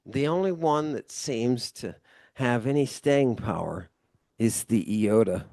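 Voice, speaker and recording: Working one-on-one with a student, this Ancient Greek tutor walks casually through every point, swears a little, and tosses in a quick "right?" to check understanding. He has a warm, mellow, mid-range voice, captured in a close, dry recording.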